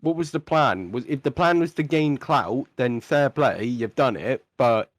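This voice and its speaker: A young man co-hosts a casual podcast, recounting a story with lively, animated delivery and casual swearing. His voice sits in a middle pitch. The sound is dry and close to the mic. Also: a little slow, no echo. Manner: animated storytelling, swears, mimics people he talks about. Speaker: podcast co-host. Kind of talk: casual chat.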